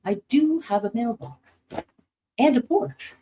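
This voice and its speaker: An American woman streaming casually to her chat, animated, cursing freely, and swinging up high when excited. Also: slow pace, slight background noise. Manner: animated, swearing, talks to chat.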